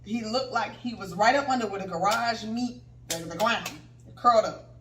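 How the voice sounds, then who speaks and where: A woman in her thirties co-hosting a podcast, telling a story in casual chat, animated and swearing freely. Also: mid-range voice, moderate pace. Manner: animated, swearing, acts out quotes. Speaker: podcast co-host. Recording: echoey room, distant mic, faint noise.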